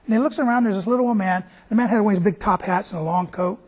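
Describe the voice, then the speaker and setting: A man's voice: high voice, fast talker, husky. A man hosting a TV show, telling a story in a folksy, conversational way. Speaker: TV show host.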